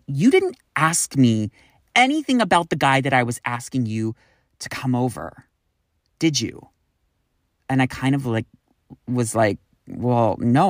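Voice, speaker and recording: A young man telling a candid personal story to his viewers, animated and swearing freely. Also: medium pitch, no room sound, clean studio sound. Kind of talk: storytime vlog.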